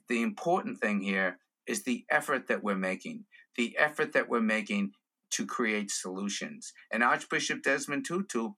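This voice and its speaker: Male comedian, podcast guest, animated storyteller, bright voice. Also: medium pitch. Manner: animated storyteller who slips into character voices.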